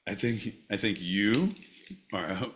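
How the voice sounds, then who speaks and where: A man's voice: lowish voice, takes it slowly, slight background noise. Profane, sarcastic male podcast co-host. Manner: sarcastic, profane, bursts into loud shouting. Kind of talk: crude comedic banter.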